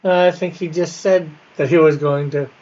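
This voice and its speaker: A man streaming his digital comic coloring, chatting casually with viewers in a halting way, often restarting and correcting himself. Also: a little high, steady tone, a little mellow, muffled recording. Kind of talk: casual livestream chat with viewers.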